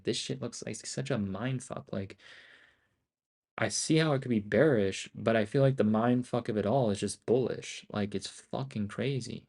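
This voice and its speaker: A young man with a somewhat low voice talks through a live trading session. He speaks in loose, profane, excitable bursts and mutters to himself between thoughts. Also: gravelly. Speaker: day trader streaming live.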